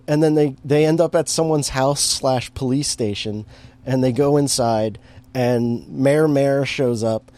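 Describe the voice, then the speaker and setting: A man's voice: mid-range voice, dark tone, no echo. Rambling, amused man, close and dry. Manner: rambling, amused, with many fillers and restarts. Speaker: podcast co-host recapping a movie. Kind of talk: casual chat.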